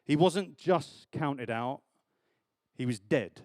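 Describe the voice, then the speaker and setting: A man preaching a sermon in church, chatty and animated, laughing often. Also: medium pitch, slow pace, dry recording.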